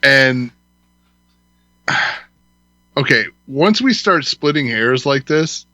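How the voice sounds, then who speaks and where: A man's voice: medium pitch, lively intonation, slow pace, sharp tone, dry recording, muffled recording. A man hosting a podcast, emphatic and opinionated in casual chat. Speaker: podcast host.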